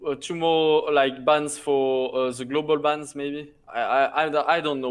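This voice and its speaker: A man co-casting a game tournament, talking casually and hesitantly, with many pauses and soft laughs. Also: on the high side, fairly even intonation, clean tone. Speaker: co-caster.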